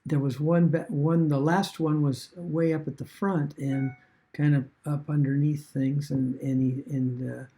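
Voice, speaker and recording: A man retelling a story casually as an online business vlogger, halting and rambling with many fillers and restarts. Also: a little high, flat delivery, gravelly, warm tone.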